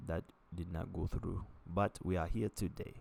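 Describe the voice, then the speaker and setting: A man vlogging casually to camera, halting and rambling with lots of fillers and restarts. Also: low voice, fairly even intonation, vocal fry, darkish tone.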